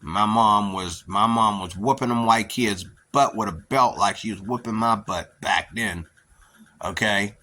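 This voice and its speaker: Bright-voiced man ranting emphatically. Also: on the low side, unhurried. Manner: emphatic, preachy, repeats himself. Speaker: podcast host. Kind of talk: rambling opinion monologue.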